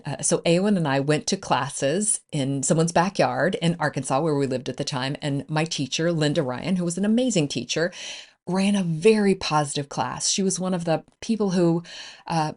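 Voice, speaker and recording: Upbeat woman coach, lively low voice. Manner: upbeat, encouraging, conversational with fillers. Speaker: business coach and podcast host. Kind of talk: solo podcast talk.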